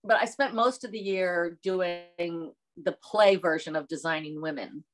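A woman from the American South, middle-aged, talks through her work in a relaxed interview. She is lively and often laughs, slipping into other voices when quoting people. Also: lowish voice, a little slow. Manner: animated, laughs often, acts out quotes. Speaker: actress, interview guest. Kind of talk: casual interview chat.

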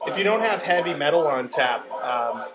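A young man in a deadpan, casual comedic style, giving mock how-to advice as the host of a comedy video. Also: a little high, moderate pace, music in the background.

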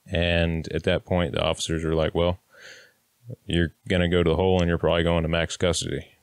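A man's voice: deep voice, flat delivery, a little fast, smooth. A man in his thirties telling a personal story to camera in a blunt, plainspoken way, now and then swearing and acting out what people said. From Kansas, United States. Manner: blunt, plainspoken, occasional swearing, acts out quotes.

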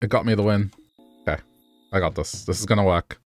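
A man casually streaming a game, playful and jokey while pitching silly schemes. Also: fairly quick, faint music behind. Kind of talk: casual gaming stream chat.

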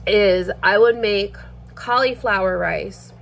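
A woman's voice: mid-range voice, slow, gravelly, slight background noise. A woman ranting bluntly and swearing freely while she cooks in her kitchen for a vlog. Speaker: vlogger. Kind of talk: casual rant while cooking. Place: home kitchen.

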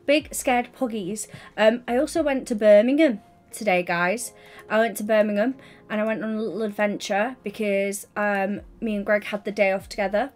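A young woman with a medium-pitched, steady voice chats casually with her livestream audience over a headset mic while faint music plays. She's giddy, bubbly and chatty, tossing quick asides to chat, though she sounds tired and keeps yawning.

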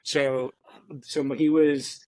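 Man, 40s, rambling animated storyteller, dry close sound. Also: on the high side, drawn-out words, no echo, poor audio. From Florida. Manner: animated storyteller, many fillers and restarts, laughs easily. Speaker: guest, veteran and tech founder. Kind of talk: casual storytelling interview.

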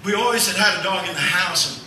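A male pastor preaching a sermon, telling a family story in a folksy, animated way. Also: high voice, fairly quick, slight background noise. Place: church sanctuary. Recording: echoey church hall from far off.

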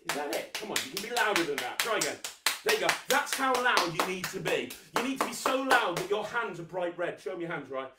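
A man hosting a live children's magic show, energetic, coaxing and teasing as he gets the viewers to clap and cheer. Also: high-pitched, fast, echoey room, far from the mic, very noisy. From England. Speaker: host, magician.

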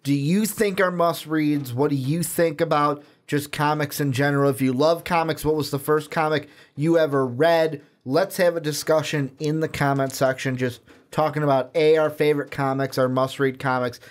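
Brief: man, fairly high voice, earnest and emphatic co-host in casual chat. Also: steady tone, normal speed, few pauses. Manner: earnest, emphatic, repeats himself.

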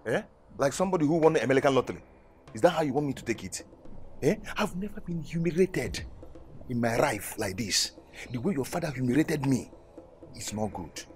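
An actor playing a proud young spare-parts trader from Anambra with a Nigerian Igbo accent, mixing English and Igbo insistently. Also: male voice, mid-range voice, brisk, slight background noise, close to an everyday voice. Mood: indignant. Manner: switches between English and Igbo, animated and insistent. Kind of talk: Nollywood film acting. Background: film score music.

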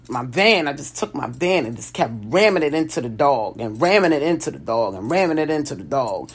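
A woman tells a story straight to her viewers, casual and animated. Her voice sits a little low, and she keeps restarting and correcting herself as she acts out what others said. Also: husky.

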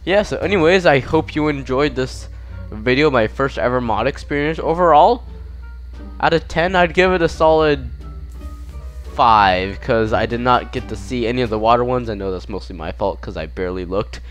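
A young man casually commenting over his own gameplay, excitable and quick to yelp when startled. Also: mid-range voice, faint music behind. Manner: excitable, yelps and shouts at jump scares. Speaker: gaming channel host.

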